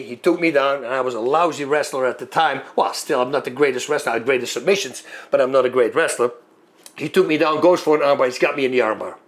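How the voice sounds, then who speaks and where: A former fighter telling a long story in a lively way, acting out moves and sounds as he goes. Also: mid-range voice. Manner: animated, acts out moves and sounds. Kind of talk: storytelling monologue.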